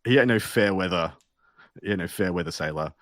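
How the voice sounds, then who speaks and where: A man's voice: low-pitched, brisk, a crowd in the background. A man co-hosting a casual gaming podcast, laid-back, rambling and jokey. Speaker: co-host.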